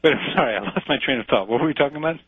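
A man's voice: mid-range voice, lively intonation, very fast, slightly rough, dry recording. Brash, insulting man on a tinny line. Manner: brash, insulting, rambling tirades. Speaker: comedian pushing a Brooklyn accent. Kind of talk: improvised comedy sketch. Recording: dry, phone-like lo-fi recording.

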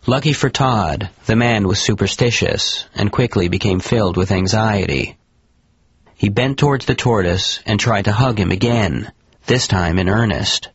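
A man narrating a scripted story on the radio in a calm, measured way. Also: lowish voice, breathy edge, no room sound. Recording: muffled radio broadcast with music.

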